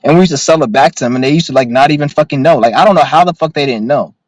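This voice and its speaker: A man's voice: fairly high pitch, racing, no echo, poor audio. A young man talking casually to the camera from his car, rambling and swearing while telling stories, agitated and blunt. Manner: profane, rambling, agitated storytelling. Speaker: vlogger.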